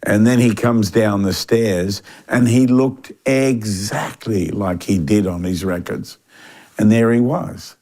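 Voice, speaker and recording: An older man with a fairly low voice recounts a story in a casual interview. He talks animatedly, stumbling and restarting as he goes, filling the gaps with "uh" and "um". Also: slow. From Australia. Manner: animated anecdotal delivery with frequent fillers and restarts. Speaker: interview guest.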